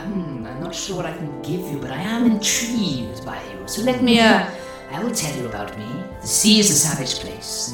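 A game master voicing an ancient, savage sea goddess with a Welsh accent, speaking slowly and calling the listener "boy". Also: medium pitch, pitched above the performer's own voice, natural voice. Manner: slow, drawn-out, calls the listener "boy". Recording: very echoey, distant from the mic.

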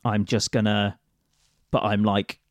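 A man's voice: lowish voice, flat delivery, slow, no room sound, clean studio sound. A man playing a tabletop game, chatting casually and thinking aloud hesitantly, with lots of fillers. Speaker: player.

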